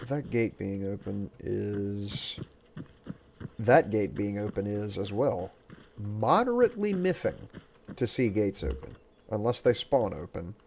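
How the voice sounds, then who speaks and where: A young man with a somewhat low voice streams a survival game and talks it through casually. He rambles and cracks wry jokes. Faint hiss sits under the mic. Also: slow pace, vocal fry, a little mellow. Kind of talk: casual gaming chat.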